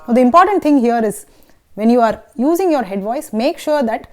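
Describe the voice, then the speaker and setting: A woman's voice: on the high side, animated, fairly quick, over loud music. A woman with an Indian English accent teaching a singing lesson, explaining technique and checking in with the listener. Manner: instructive, checks in with listeners often. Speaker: vocal teacher.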